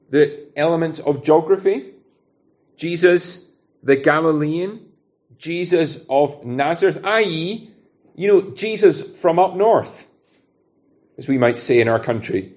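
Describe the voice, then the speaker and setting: Scottish preacher, talking through a Bible passage. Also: male voice, on the high side, measured pace, darkish tone. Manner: conversational, asks rhetorical questions. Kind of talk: expository sermon.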